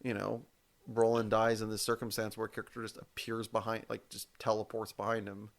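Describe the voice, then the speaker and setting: A man talking through ideas on a podcast in relaxed, rambling chat. His voice sits low with a gravelly edge, and he often doubles back to correct himself mid-thought. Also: brisk. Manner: rambling, self-correcting, casual swearing. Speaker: podcast co-host. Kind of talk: casual chat.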